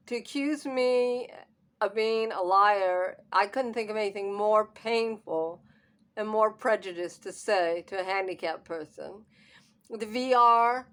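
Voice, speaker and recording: A hard-of-hearing woman vlogs at home into her camera, upset and holding back tears, letting out nervous laughs. Her voice is medium in pitch with a fairly bright tone, and the talk is an emotional personal vlog.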